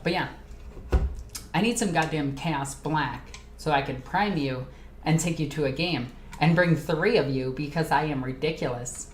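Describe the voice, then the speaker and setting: Excitable woman streamer in an echoey room. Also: low voice, a little slow. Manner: excitable and chatty, jumping between topics. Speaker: streamer hosting a live Q&A. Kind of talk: casual livestream chat, reading viewer comments aloud. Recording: echoey room with faint ambient noise.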